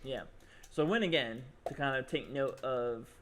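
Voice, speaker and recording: There's slight background noise as this young man, a podcast co-host, spins a lengthy story in relaxed conversation. His pitch is medium and his pace moderate, and he rambles, using many fillers and performing quotes.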